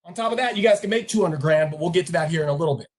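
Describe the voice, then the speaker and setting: A speaker at a career meetup giving an animated motivational talk and retelling a story with acted voices. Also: mid-range voice, racing.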